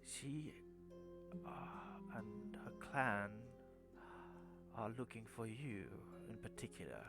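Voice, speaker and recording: A man voicing a defeated male clan leader who speaks in a trembling, sobbing, halting voice. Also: fairly low pitch, animated, over loud music. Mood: despairing.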